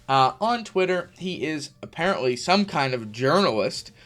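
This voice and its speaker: A man's voice: on the high side, big pitch swings, normal speed, fairly bright tone. A man giving casual commentary on online drama, chatty and full of sarcastic asides and fillers. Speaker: YouTube commentator.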